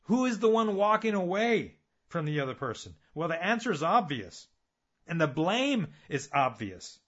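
A man's voice: sits high, sing-song, normal speed, a bit bright, lo-fi sound. A man preaching a sermon, earnest and building his points with repeated phrases and rhetorical questions.

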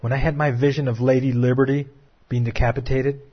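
A man preaching a dramatic sermon, swinging between hushed, slow passages and raised, urgent ones. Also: medium pitch, little pitch movement, husky. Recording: dull lo-fi recording.

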